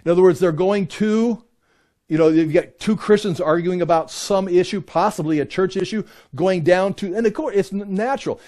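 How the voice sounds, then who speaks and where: A man teaching a Bible class in an explanatory way, often pausing with "uh" and restarting his sentences. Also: high-pitched, a little mellow.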